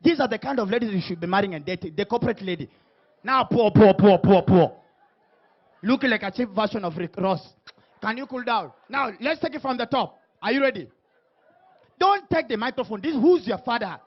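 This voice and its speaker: High-voiced man hosting comedy. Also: animated, fast talker, highs cut off. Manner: teasing, punchy, shouts hype lines to the crowd. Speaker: talk show host. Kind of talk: comic stage hosting before a live audience.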